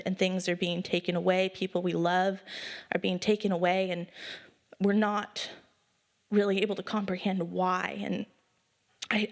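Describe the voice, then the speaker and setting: A young woman preaching a sermon in church, tender and emotional, close to tears at times, chatty with quick acted asides. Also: mid-range voice. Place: church service.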